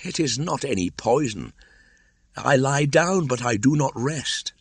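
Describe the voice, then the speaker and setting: A man's voice: mid-range voice, expressive, measured pace, husky, no room sound, voice pushed up. Man playing a young jungle guy, anguished, voice pushed way up, pleading. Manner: pleading, strained.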